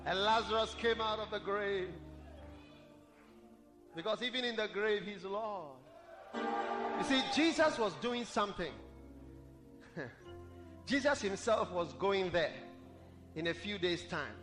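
A man preaching with fervent, repetitive declarations that build to shouts. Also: high voice, takes it slowly, pauses often, in a large hall, faint music behind. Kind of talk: sermon.

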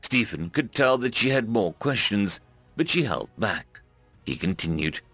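A man narrating a science fiction story in an even, unhurried manner. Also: on the low side, husky, dry recording, soft background music. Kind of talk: audiobook narration.

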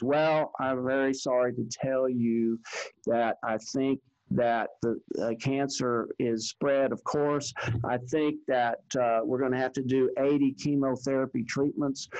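Halting man telling his story, muffled. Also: medium pitch, a little mellow. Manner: halting, repeats words, quotes others plainly. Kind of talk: personal testimony.

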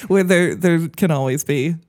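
A woman hosting a podcast with a very low voice. She keeps the casual chat going with calm, measured questions. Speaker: podcast host.

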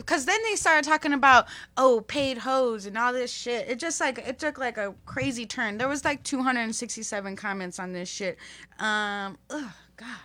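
Young woman co-host, bright and forceful, plain-spoken and profane. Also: on the high side. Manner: blunt, profane, heated. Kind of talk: casual chat.

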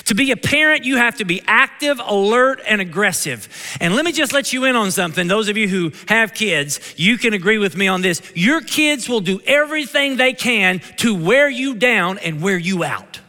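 Kentucky pastor preaching, high bright voice, lots of hall echo. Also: male voice, moderate pace. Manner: energetic, joking, calls out for amens. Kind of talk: sermon. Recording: long reverb of a church hall.

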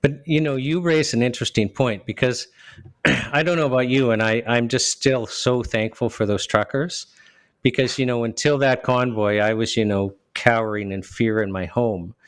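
A man, a lawyer, speaking earnestly as a guest in an interview, often pausing and restarting as he gets emotional. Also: mid-range voice, steady tone, dry recording, clean studio sound. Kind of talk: casual interview talk.

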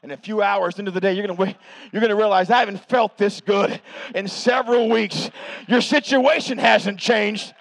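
Man, pastor, revival sermon, high gravelly voice, bright, shouted preaching. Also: moderate pace, no room sound. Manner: shouted, emphatic preaching with dramatic drops to a hush. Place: church sanctuary.

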